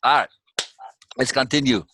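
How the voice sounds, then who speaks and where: An older man hosting a live reading, chatting casually and then reading narration, animated and quick to laugh. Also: mid-range voice, slightly rough, no echo. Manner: animated, laughing, repeats himself. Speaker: host and reader.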